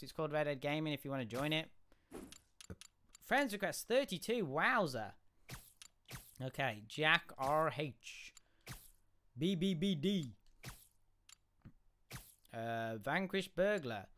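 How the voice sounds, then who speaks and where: A young British man live-streaming a video game, shouting excitedly during fights and mumbling while reading chat. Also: a little high, a little hiss or hum. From United Kingdom. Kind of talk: live gaming stream commentary.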